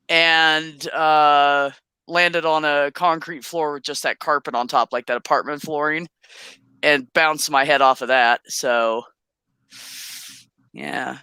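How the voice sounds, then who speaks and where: A woman in casual conversation, talking bluntly and with energy. Her voice is bright and forceful, and the recording is dry with little room sound. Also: low-pitched, takes it slowly, smooth, no room sound. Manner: blunt, animated storytelling with swearing. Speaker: host. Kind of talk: casual chat.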